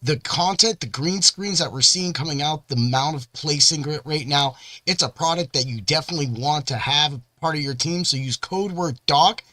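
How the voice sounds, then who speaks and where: A man's voice: on the high side, pushed and bright, no room sound. A man hosting a podcast in a casual, rambling monologue, talking with boastful energy. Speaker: podcast host. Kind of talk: casual hype-filled monologue.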